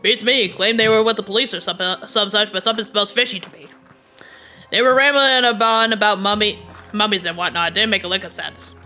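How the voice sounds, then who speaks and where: A woman doing a gruff, hot-tempered old island man. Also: medium pitch, brisk, pushed and bright, faint music behind, close to an everyday voice. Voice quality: gruff, folksy drawl. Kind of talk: reading game dialogue aloud.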